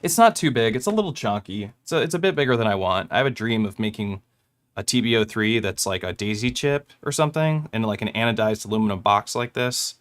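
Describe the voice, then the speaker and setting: A young music producer with a voice on the low side speaks fairly quickly and animatedly while showing off his gear. Casually explaining how he made a track, he rambles a little and corrects himself with small laughs.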